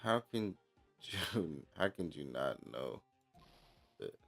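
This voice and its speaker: Deep gravelly laid-back gamer guy. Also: sing-song, slow pace, fairly bright tone, faint music behind. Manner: laid-back, slangy and joking, with laughs. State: tired late at night. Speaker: gaming channel host. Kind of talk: let's-play commentary and reading game dialogue aloud.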